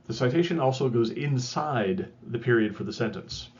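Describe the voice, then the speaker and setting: A man's voice: mid-range voice, moderate pace. Male lecturer, mid-range voice, casual and wry, slightly muffled lo-fi recording. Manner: conversational, self-correcting, wry asides. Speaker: instructor.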